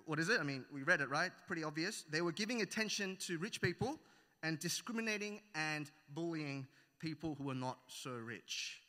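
A man's voice: on the high side, expressive, normal speed, sharp tone. A man with an Australian accent, raised in New Zealand, preaching a sermon in a conversational way with many fillers and self-corrections. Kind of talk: sermon with opening prayer. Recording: echoey hall reverb.

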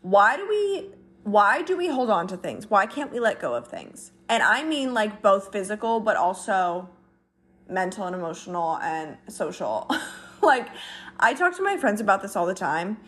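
A woman's voice: mid-range voice, big pitch swings, moderate pace, fairly bright tone. A young adult woman vlogging in a casual, chatty way, blunt and exasperated as she vents. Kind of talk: casual talk to camera.

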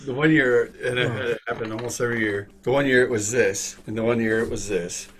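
A man's voice: mid-range voice, fairly quick, rough recording. A man who once coached youth baseball, chatting casually, swearing and laughing through his stories. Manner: animated, laughs often, swears. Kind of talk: casual chat.

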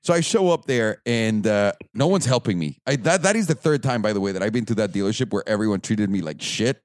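Male podcast host, animated storyteller with a very lively pitch, dry studio sound. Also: quick pace, no echo. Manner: animated storytelling, swears freely, acts out quoted voices. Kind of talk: casual podcast chat.

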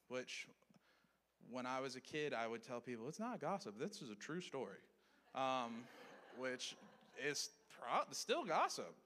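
A man's voice: medium pitch, fairly bright tone. Male Bible teacher, casual lesson style, echoing hall sound. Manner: conversational, checks in with listeners.

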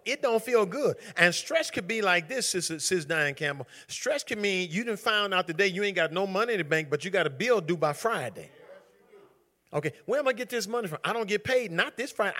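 Man leading a church Bible study; bright, lively teacher, conversational and emphatic. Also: high-pitched. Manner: calls on members by name, conversational and emphatic. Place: church group gathering.

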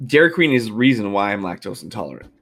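A man's voice: fairly low pitch, very animated, quick pace, fairly bright tone, a little hiss or hum. Joking guy chatting on a video call, pokes fun at himself. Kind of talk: casual chat.

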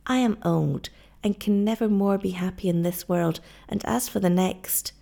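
A woman's voice: mid-range voice, moderate pace, creaky, dark tone, close to an everyday voice. A woman reading a poor old coughing stranger. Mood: kindly. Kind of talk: audiobook reading.

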